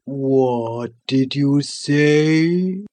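A huge, lazy storybook sloth drags out every word in a deep, drowsy drawl, as a woman reader puts him on. His voice is sleepy and slobbery, much lower than her own, and he talks as if he can barely stay awake. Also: dark tone, full character voice. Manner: very slow, drowsy, demanding. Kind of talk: storybook reading.

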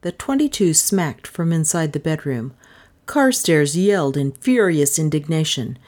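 Woman reading a crime novel aloud, deep voice, steady and dramatic. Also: a little slow. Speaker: audiobook narrator. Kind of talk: scripted narration of a crime novel.

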